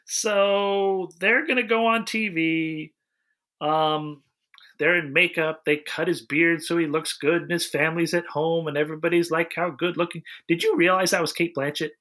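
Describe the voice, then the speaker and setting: A man's voice: a little high, normal speed. A man co-hosting a podcast, rambling through a casual movie review with lots of restarts. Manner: rambling, restarts often, animated retelling. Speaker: podcast co-host.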